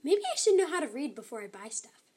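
A woman's voice: high-pitched, big pitch swings, fast talker, a little mellow. Itty, a woman doing a worried kitten. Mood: anxious. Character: excitable, anxious female kitten.

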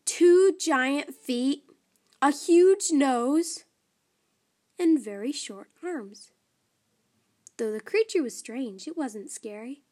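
A woman reads a children's story aloud in a soft voice that often drops toward a whisper. Her voice is high and lively. She takes her time with every line.

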